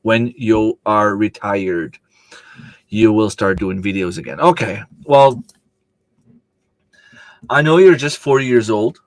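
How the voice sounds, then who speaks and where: Low-voiced man chatting on a livestream. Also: takes it slowly, pauses often, dry recording. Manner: rambling, answers chat comments, frequent fillers. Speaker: livestream host. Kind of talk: casual live chat with viewers.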